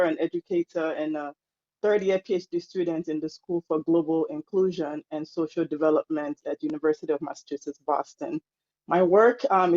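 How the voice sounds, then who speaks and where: A woman co-moderating a webinar panel, introducing herself warmly and enthusiastically. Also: low-pitched, dull audio. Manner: warm, enthusiastic. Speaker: co-moderator and doctoral student.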